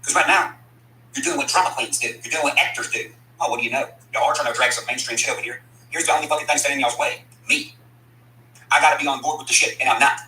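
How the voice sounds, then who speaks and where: A man's voice: mid-range voice, fast, pushed and bright, roomy sound, a little hiss or hum, rough recording. A man delivering a blunt, profane, combative rant at his critics, speaking as a country rapper. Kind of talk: angry profane rant to camera.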